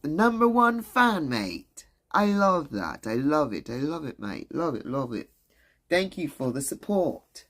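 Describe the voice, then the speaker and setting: A man's voice: mid-range voice, sing-song, a little slow. A young man hosting a casual livestream chat, loose and profane, rambling and laughing while he drinks beer. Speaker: livestream host.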